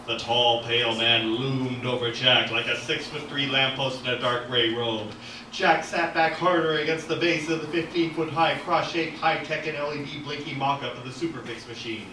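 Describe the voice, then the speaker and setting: A man reading from his own novel at an open mic in an art gallery, animated, with asides and self-corrections. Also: mid-range voice, normal speed, noisy background. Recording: echoey gallery from far off.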